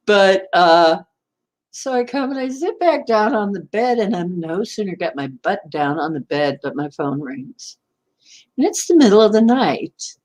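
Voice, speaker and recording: Slow, husky-voiced woman telling a story. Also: medium pitch, expressive, darkish tone. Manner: rambling, self-correcting, laughs often. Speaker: channel host. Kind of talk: casual storytelling to camera.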